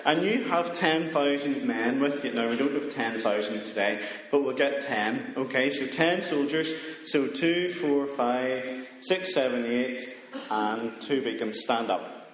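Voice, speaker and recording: A man's voice: mid-range voice, a little slow. A man preaching a playful, interactive children's talk to a church congregation, coaxing people up from the pews to act out a story. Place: large church hall. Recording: echoey hall with long reverb, faint noise.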